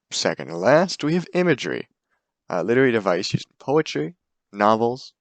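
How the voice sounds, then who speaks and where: A man's voice: fairly low pitch, no echo. A young man giving a casual, hesitant class presentation full of fillers. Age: young adult. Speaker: student presenter.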